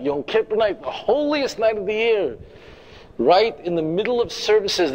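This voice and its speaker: A rabbi delivering a lecture, his voice sitting a little high for a man. He hammers his points home by repeating them and keeps checking in with the listeners. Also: slight background noise, low-quality recording. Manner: emphatic, repeats phrases, direct asides to the audience. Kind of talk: lecture to a congregation.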